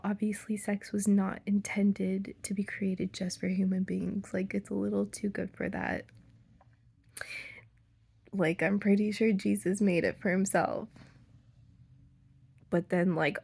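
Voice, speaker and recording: A woman's voice: medium pitch, fairly even intonation, unhurried, gravelly, a little mellow, breathy edge. A young woman with an American Valley girl accent, talking casually to camera, full of "like" fillers, playful asides and half-whispered lines. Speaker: vlogger.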